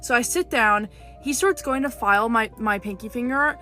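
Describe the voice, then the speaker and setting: A woman telling a storytime clip to her viewers, indignant and animated. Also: a little high, normal speed, faint music behind.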